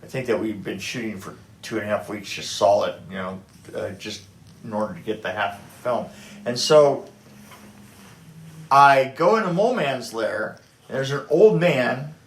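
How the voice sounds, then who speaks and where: This production designer, middle-aged or older, recounts stories casually in a room with noticeable echo. His mid-range voice is animated and moves at normal speed, and he keeps restarting sentences and performing other people's lines.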